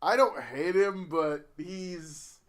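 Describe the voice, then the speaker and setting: A man with a slightly raised voice, chatting casually as a podcast co-host. He rambles and halts, breaking off and restarting his sentences as he goes. It sounds loose and unscripted. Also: high voice. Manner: rambling, halting, self-interrupting.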